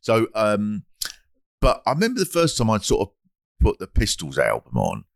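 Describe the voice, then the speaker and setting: A middle-aged man with a fairly low voice, riffing through comic tangents as he hosts. His pitch swings widely, and the recording is dry and close. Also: moderate pace, vocal fry, no echo. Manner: rambling, lively comic storyteller. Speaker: podcast host. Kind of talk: casual podcast chat.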